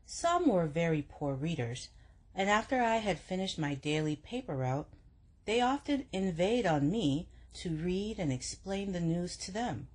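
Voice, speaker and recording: Brief: woman, low pitch, steady memoir reading for a book club. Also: measured pace, poor audio.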